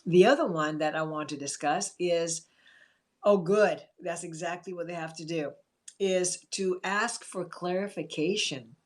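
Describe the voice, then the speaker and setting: A woman therapist giving advice in a chatty live stream, greeting viewers by name and acting out calm sample replies. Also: fairly low pitch, measured pace.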